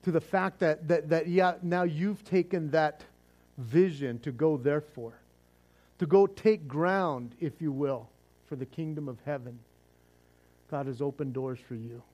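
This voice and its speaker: A man's voice: a little high, unhurried, a little mellow. A man preaching a sermon as pastor, fervent and casual, often repeating words as he restarts.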